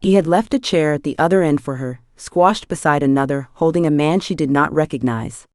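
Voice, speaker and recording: An audiobook narrator, a woman with a low voice, reads scripted text in an even, measured storytelling manner. The recording is studio quality and free of echo.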